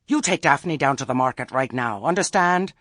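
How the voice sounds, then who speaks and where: A man voicing a flustered rustic farmer who talks loudly and indignantly in an audiobook reading. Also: mid-range voice, animated, moderate pace, dry recording, studio quality, voice pushed up. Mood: agitated. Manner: loud, agitated and indignant.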